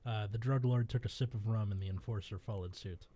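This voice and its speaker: A man's voice: lowish voice, dark tone, slightly rough. A man hosting a comedy podcast, reading a story aloud and stopping to swear at his own slips. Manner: reads haltingly, stumbles and swears at slips. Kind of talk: casual comedic chat and reading.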